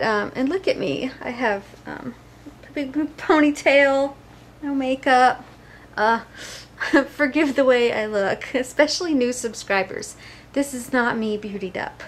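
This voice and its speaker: A tired middle-aged woman vlogging in a rambling, giggly, chatty way to her viewers. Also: a little high. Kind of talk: casual chat to camera.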